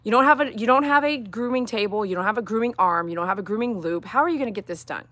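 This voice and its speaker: A woman's voice: mid-range voice, fast, a bit bright. A woman dog groomer talking outdoors on a live-streamed grooming demonstration, chatty, coaxing and reassuring.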